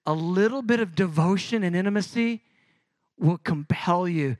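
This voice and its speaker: A middle-aged man, preaching a sermon in a conversational, animated way that builds in intensity. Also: high voice, normal speed, no echo.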